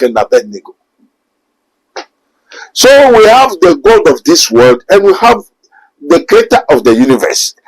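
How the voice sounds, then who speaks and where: A man's voice: medium pitch, darkish tone, poor audio. A man preaching emphatically in a sermon, mixing two languages and rising to a raised voice. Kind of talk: sermon in a talk show.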